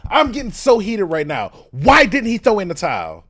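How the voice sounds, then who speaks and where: A young man reacts to a film for his viewers in loose, casual commentary. He sounds exasperated and swears freely. His voice sits high and swings all over. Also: huge pitch swings, normal speed, hardly any pauses, pushed and bright. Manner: exasperated, swears often, talks straight to viewers. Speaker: movie reaction host.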